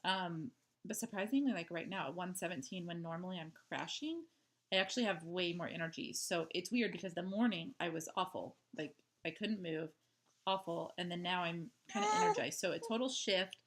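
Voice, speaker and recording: Animated and lowish-voiced, a female vlogger talks at normal speed in a casual at-home diary chat. Her rambling is thick with "like" and "um."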